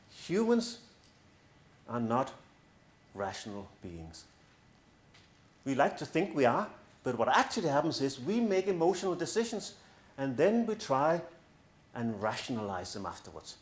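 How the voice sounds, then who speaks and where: A middle-aged man speaking as a coach to an audience, earnest and persuasive, with a touch of self-mocking humor. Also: mid-range voice. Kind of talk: presentation to an audience. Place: large room in front of an audience. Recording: echoey room.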